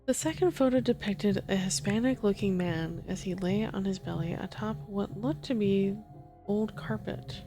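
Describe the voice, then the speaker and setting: A woman reads a first-person horror story in a soft ASMR delivery. Her voice sits in a plain middle range and stays steady. Faint music plays quietly behind her. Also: mid-range voice, moderate pace. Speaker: story narrator.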